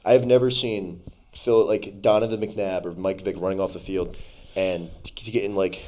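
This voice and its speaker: A man's voice: low voice, steady tone, moderate pace, dark tone, low-quality recording. A man, co-hosting a podcast and telling long rambling stories full of fillers and restarts. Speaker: podcast co-host. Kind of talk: casual chat.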